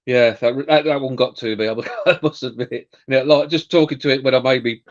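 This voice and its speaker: A man's voice: medium pitch, steady tone, brisk. Candid man on a muffled line. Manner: candid, reflective, loose phrasing. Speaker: livestream co-host. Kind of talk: casual chat. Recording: dull lo-fi call audio.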